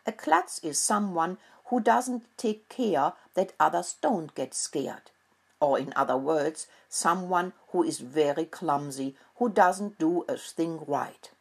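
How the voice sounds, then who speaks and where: A woman's voice: sits low, takes it slowly, vocal fry, breathy edge, exaggerated voice. A woman voicing an anxious, fussy father mouse in a storybook, talking in a raised, urgent and scolding way. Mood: explaining.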